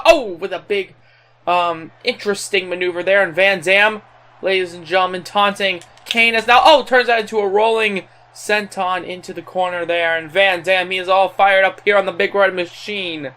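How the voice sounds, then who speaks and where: Young man, wrestling video game commentary, high voice, bright tone, announcer style, stumbles and corrects himself. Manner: excited announcer voice with many fillers and corrections. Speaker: gaming channel host.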